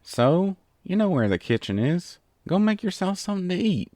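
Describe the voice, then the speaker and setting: Man playing a sleepy southern farm pony mare, drawling, dry and grumpy, raised pitch. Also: very animated, normal speed, a little mellow, no room sound. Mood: groggy. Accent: American Southern (put on). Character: blunt sleepy country female earth pony.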